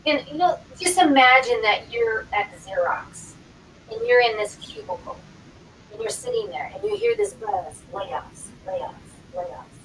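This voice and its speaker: A woman's voice: fairly high pitch, big pitch swings, normal speed, a bit bright, echoey room. A middle-aged woman, a guest on a talk show, telling her personal story dramatically and acting out the dialogue. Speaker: guest, wellness coach. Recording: distant mic, clear background noise.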